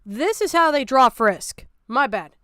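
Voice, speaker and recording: A young woman streaming a reaction, blunt and profane, exasperated and often shouting in disbelief. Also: sits high, lively intonation, measured pace, clear, resonant tone, dry recording, studio quality. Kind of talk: casual reaction commentary.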